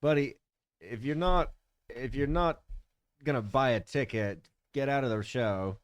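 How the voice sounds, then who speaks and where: A man playing a tabletop game, speaking bluntly and gruffly. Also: medium pitch, unhurried, dry recording, clean studio sound. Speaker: player. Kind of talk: casual tabletop game chat.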